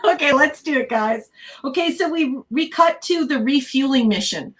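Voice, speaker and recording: A woman's voice: high-pitched, moderate pace, a crowd in the background. A woman co-hosting a podcast, recapping TV scenes in a chatty way and laughing often. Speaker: podcast co-host. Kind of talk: casual chat reviewing a TV episode.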